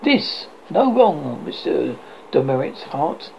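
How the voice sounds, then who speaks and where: Gravelly male storyteller reading aloud. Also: on the high side, takes it slowly. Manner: steady read-aloud narration with small slips. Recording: slightly dull, faint hiss.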